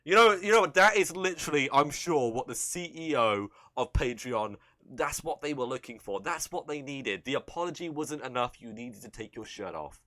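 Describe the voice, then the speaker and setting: A man's voice: mid-range voice, lively intonation, moderate pace, sharp tone. A man hosting a casual livestream commentary, incredulous and sarcastic, swearing freely.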